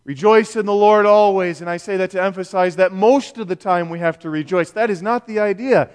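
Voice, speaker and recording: A male pastor preaching a sermon, measured and emphatic, with rhetorical questions. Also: high-pitched. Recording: long reverb of a church hall.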